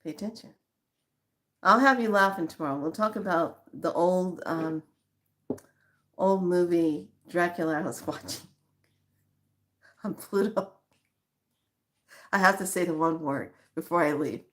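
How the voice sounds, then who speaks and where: A woman's voice: on the low side, unhurried, long pauses, a bit bright. Giggly chatty woman vlogger. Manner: giggly, chatty, calls viewers lovelies. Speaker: spiritual vlogger. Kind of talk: casual chat to viewers.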